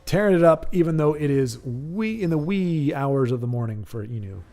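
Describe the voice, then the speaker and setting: A rambling man hosts a live stream, reading viewer messages aloud and laughing as he goes. His voice sits a little high for a man, and the chat stays loose and casual. Soft music plays faintly behind him. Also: expressive, normal speed. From United States. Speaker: stream host.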